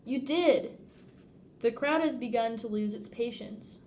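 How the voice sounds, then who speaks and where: A woman reading a novel aloud in first person, expressive and often laughing at the text. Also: fairly high pitch, moderate pace, a little hiss or hum. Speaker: audiobook reader.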